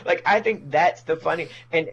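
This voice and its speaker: Male stand-up, profane ranting guest, slightly high voice, dull lo-fi mic, faint hum behind. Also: normal speed, creaky. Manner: profane, ranting, mocks people in put-on voices. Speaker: comedian guest. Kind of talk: casual podcast chat.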